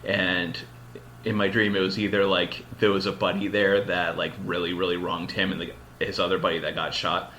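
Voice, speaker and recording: A man's voice: low voice, level tone, normal speed, sharp tone, a little hiss or hum. A man hosting a podcast, retelling a long story in casual chat, rambling and full of filler words. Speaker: podcast host.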